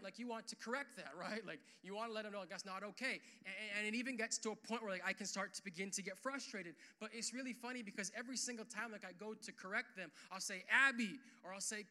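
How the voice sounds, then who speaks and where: In his sermon, a young pastor talks to the church in a casual, animated way, frequently saying "like" and "uh." His voice sits high for a man and sounds very bright and forceful, climbing louder and higher whenever he drives a point home.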